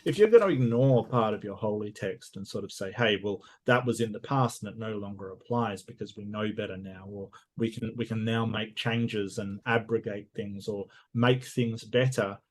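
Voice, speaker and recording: A man with a low voice giving a debate statement. He speaks in measured phrases and restarts a few of them as he goes.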